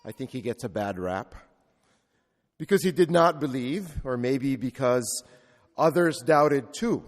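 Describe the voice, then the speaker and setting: A man's voice: medium pitch, expressive, measured pace. A male Catholic priest preaching a sermon with reflective storytelling and rhetorical repetition. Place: church. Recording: long reverb of a large church.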